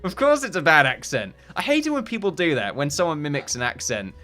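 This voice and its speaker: A man's voice: fairly high pitch, huge pitch swings, brisk, bright, forceful tone, faint music behind. A man hosting a let's play, rambling and joking at his own expense in casual commentary. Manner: rambling, self-mocking, jokey. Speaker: gaming channel host.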